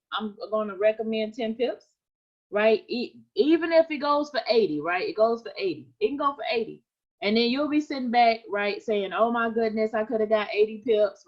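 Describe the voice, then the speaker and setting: A woman's voice: a little high, muffled recording. A woman teaching forex trading in a live stream, talking conversationally, repeating her points and often checking in with "right?". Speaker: trading coach.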